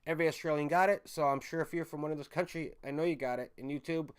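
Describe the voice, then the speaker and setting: A man's voice: on the high side, fast, clean tone. A man hosting a casual livestream, rambling to his chat viewers, swearing freely and often correcting himself mid-sentence. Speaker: livestream host chatting with viewers.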